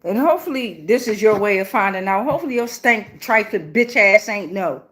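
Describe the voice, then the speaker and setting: A woman's voice: mid-range voice, lively intonation, a little fast, a bit bright. A woman doing a casual live tarot reading, blunt and chatty with a lot of profanity and slang. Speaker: tarot reader.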